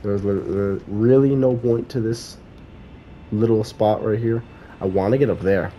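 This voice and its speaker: Foul-mouthed man yelling at game enemies. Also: fairly low pitch, steady tone, unhurried, dull audio, a little hiss or hum. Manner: swears heavily, shouts at enemies, then mutters to himself. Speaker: gaming streamer. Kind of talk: live gameplay commentary. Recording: game music behind voice. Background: game music.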